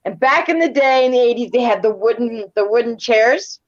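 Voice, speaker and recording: A woman's voice: fairly high pitch, expressive, fairly quick, highs cut off. A middle-aged woman telling stories casually as an interview guest, rambling and repeating words as she retells events. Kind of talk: casual storytelling.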